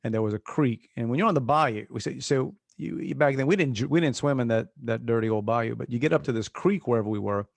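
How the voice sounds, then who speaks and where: A man in his fifties from Louisiana, co-hosting a casual chat and telling animated stories. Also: mid-range voice, fast talker, gravelly, few pauses, dry recording. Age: 50s. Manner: animated storyteller, acts out voices. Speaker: podcast co-host.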